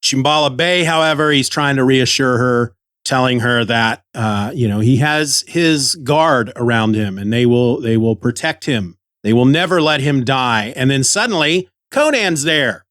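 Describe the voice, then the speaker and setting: A man's voice: mid-range voice, animated, measured pace, fairly bright tone, no echo. A man hosting a comic book podcast, chatty and enthusiastic, on a close microphone. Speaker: podcast host.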